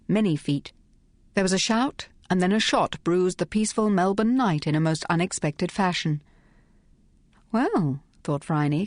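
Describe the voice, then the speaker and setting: A woman with a lowish voice narrates a period mystery novel, brisk and crisp with a wry edge. The recording is close and dry, with no room sound. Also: darkish tone, no room sound. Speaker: audiobook narrator. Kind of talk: scripted narration.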